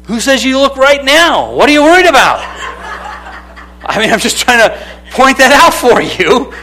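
A man with a fairly high voice delivers a sermon from the pulpit. He preaches in an animated, conversational way, leaning on questions and calling to listeners by name. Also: moderate pace, slight background noise. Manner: animated, calls out to people by name. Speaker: pastor.

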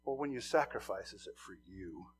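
A middle-aged man from Montana preaching a sermon, telling stories with swings from hushed asides to loud emphasis. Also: fairly low pitch, expressive, normal speed, breathy edge. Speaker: pastor.

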